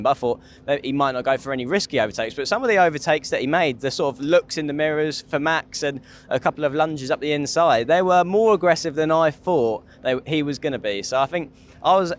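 A young man, a racing driver guest, talking outdoors in a paddock in a rapid, rambling way with many restarts. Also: a little high. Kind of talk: casual trackside chat.

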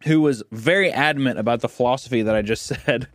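A male podcast co-host from Missouri, United States, tells stories in casual chat, ranting profanely and acting out the people he quotes. His mid-range voice moves quickly, and the recording is dry and close.

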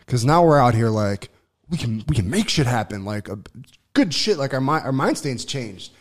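A man telling a long personal story on a casual podcast, swearing freely, restarting sentences and getting loud when excited. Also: mid-range voice, moderate pace. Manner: profane, rambling, lots of restarts and fillers; gets loud and excited when reliving events. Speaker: podcast co-host.

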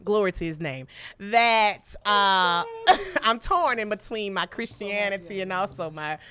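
A young woman with a Southern American drawl chats on a podcast, spinning an animated story. Her voice is bright and ringing, and it swoops widely in pitch as she laughs her way through. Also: a little slow. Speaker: podcast guest. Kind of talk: casual chat.

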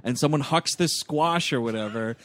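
A man's voice: medium pitch, moderate pace, fairly bright tone. A man co-hosting a casual movie podcast, joking and riffing with frequent laughs. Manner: jokey, riffing, laughs often. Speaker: podcast co-host. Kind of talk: casual film discussion.

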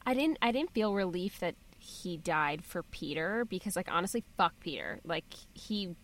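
A woman's voice: on the low side, lively intonation, normal speed. A woman co-hosting a casual book club podcast, frank and outspoken. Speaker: podcast co-host.

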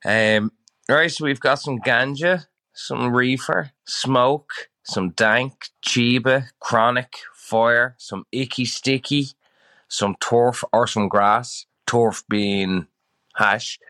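A man's voice: mid-range voice, fairly even intonation, extremely slow, pushed and bright, no room sound. A man with an Irish accent, a listener calling in, rambling through a list with laughs between items. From Ireland. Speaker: listener caller.

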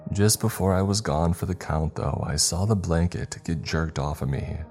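Man, horror narration, extremely deep voice, dark mellow tone, faint music underneath. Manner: measured, dramatic storytelling.

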